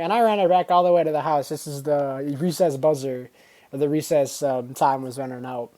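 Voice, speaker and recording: A man's voice: on the high side, brisk, a little mellow. A young man speaks casually to his audience, full of slang and loose energy. He tells old school stories and acts out the voices of the people in them. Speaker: vlogger. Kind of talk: casual storytelling.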